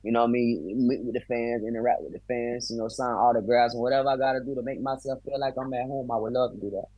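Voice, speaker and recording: A man's voice: mid-range voice, steady tone, fast, dry recording, lo-fi sound. A man, a bare-knuckle fighter from the US, chatting as a guest on a video call, friendly and talkative, with loose slang. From United States. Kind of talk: casual interview chat.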